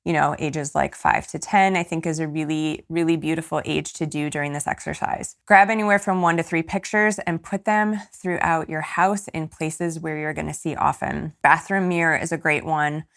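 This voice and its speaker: A woman's voice: low voice, fairly even intonation, normal speed, creaky, hardly any pauses, fairly bright tone. A woman in her thirties hosting a solo podcast, talking in an earnest, encouraging way that turns teary at times. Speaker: podcast host and coach. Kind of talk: casual solo podcast talk.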